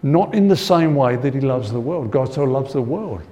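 A man delivers a sermon with a warm, mellow voice at an ordinary pitch. He preaches conversationally, repeats his main points for emphasis and drops in "you know" as he goes. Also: lively intonation, normal speed.

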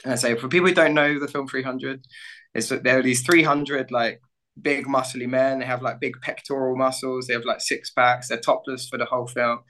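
Comedian guest, bright edge to his voice, self-mocking and animated. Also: medium pitch, brisk, slight background noise. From suburbs of London, England. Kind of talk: casual interview with told jokes.

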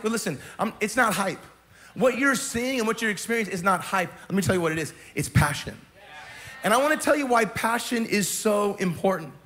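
Middle-aged male pastor with a high voice; emphatic, passionate preacher who stumbles over repeated words and shouts at the peaks. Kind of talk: sermon.

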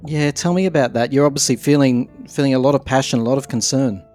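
A man's voice: mid-range voice, quick pace, darkish tone, faint music behind. A man with an Australian accent hosting an interview podcast, asking friendly, probing questions. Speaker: podcast host.

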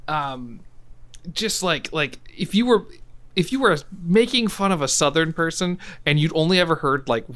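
A man's voice: fairly high pitch, expressive, normal speed, fairly bright tone. A man co-hosting a podcast, chatting casually and enthusiastically, swearing freely and laughing often. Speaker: podcast co-host. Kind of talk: casual chat.

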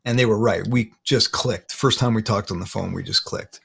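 A man, a guest in an interview, retelling a painful personal story haltingly, often repeating words. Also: lowish voice, gravelly, fairly bright tone, husky.

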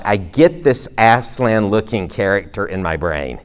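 Male preacher, middle-aged, lowish voice, casual sermon delivery with joking asides. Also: animated, normal speed. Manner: conversational, self-deprecating asides and jokes; speaks to a live congregation.

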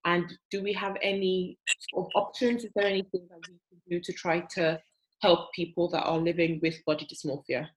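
A woman interviewer asking polite, measured questions. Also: fairly low pitch, steady tone, poor audio.

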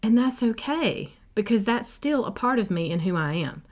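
A woman's voice: on the high side, lively intonation, moderate pace. A woman, hosting a casual solo podcast in a chatty, silly and sassy way. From South Carolina, USA. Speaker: podcast host and life coach. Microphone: podcast microphone.

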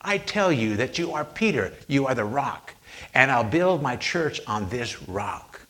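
A man preaching a sermon, retelling scripture with slow, emphatic pauses on quoted lines. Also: mid-range voice, big pitch swings, pushed and bright.

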